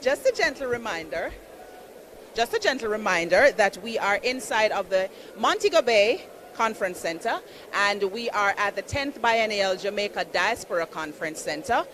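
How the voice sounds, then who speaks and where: A woman hosts live from a busy conference marketplace, moving between booths. She talks in a chatty, playful and enthusiastic way at an ordinary pitch. Faint hall noise sits behind her. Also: animated, moderate pace, fairly bright tone. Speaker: event host and roving interviewer. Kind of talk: live event interview.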